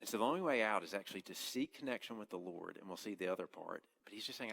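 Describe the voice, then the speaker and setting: A man's voice: lowish voice, expressive, fast, creaky, few pauses, a bit bright. A man preaching an earnest, conversational sermon, often restarting his phrases as he speaks. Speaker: campus minister preaching.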